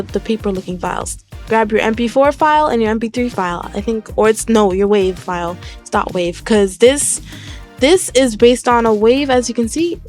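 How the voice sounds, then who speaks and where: A woman's voice: a little high, darkish tone. Chatty young woman explaining a game. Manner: chatty, rambling, giggly. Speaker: Minecraft tutorial YouTuber. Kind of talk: casual screen-recorded tutorial.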